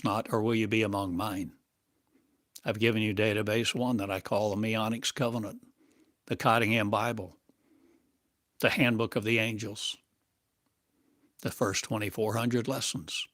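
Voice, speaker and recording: A man as a spiritual teacher, delivering a channeled monologue in slow, halting, cryptic phrases. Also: lowish voice, a bit bright, no echo, clean studio sound. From United States.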